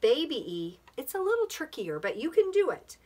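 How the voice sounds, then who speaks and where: A woman teaching a preschool lesson to camera, in a slow, sing-song, animated teacher voice. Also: high voice.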